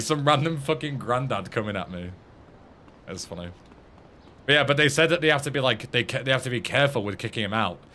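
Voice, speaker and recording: Swearing English streamer, bright voice. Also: male voice, mid-range voice, slight background noise. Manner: animated storyteller who swears freely. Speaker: streamer playing a game. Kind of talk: casual chat while gaming.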